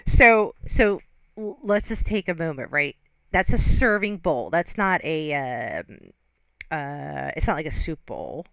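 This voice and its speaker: Woman reaction host, low voice, teasing and wry. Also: animated, unhurried, gravelly, no echo. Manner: wry running commentary, teasing. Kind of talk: commentary over a video.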